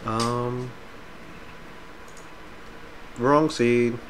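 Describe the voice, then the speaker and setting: Animated male streamer reading aloud. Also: mid-range voice, measured pace, a little hiss or hum. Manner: casual, rambling, with fillers; lively when reading. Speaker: streamer and reader. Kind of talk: live-stream chat and book reading.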